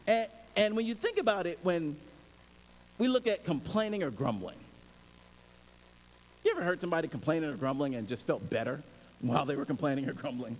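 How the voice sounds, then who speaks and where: Male pastor, sermon, lively swooping delivery, high voice, echoing hall. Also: a little fast, long pauses. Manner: animated and conversational, acts out scenes. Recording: reverberant hall, faint hiss.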